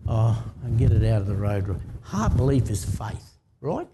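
Very animated yet measured in pace, this Australian-accented pastor has a fairly low, warm, slightly rough voice. He preaches informally and talkatively, drawing responses from the congregation.

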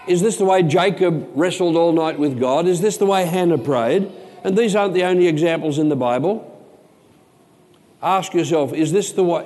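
A man preaching a sermon, slowing down to stress single words. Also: high voice, darkish tone. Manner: emphatic, slows down to stress words. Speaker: pastor. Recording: long hall reverb.

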